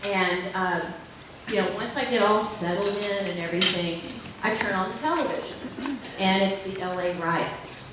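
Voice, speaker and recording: Woman keynote speaker, lively storyteller, recorded from far off in a roomy hall. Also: mid-range voice, moderate pace, heavy background noise. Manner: lively anecdotal storytelling with laughs. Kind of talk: storytelling speech to an audience. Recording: echoey hall from far off with dish clatter.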